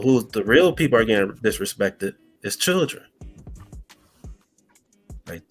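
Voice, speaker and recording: A man's voice: mid-range voice, a bit bright. A man on a podcast panel giving earnest, slangy opinions in casual chat.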